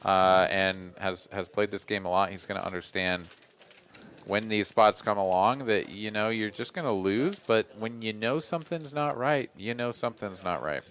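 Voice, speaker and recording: A man giving live poker commentary, relaxed and analytical with dry asides. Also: lowish voice, moderate pace, a little hiss or hum.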